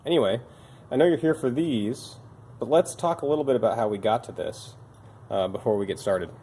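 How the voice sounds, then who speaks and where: A man's voice: mid-range voice, brisk, warm tone, a little hiss or hum. A young man who works at a bike shop, talking casually and with dry, self-mocking humor about old bike parts while sounding tired. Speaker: bike shop mechanic and video host. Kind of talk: casual show-and-tell talk.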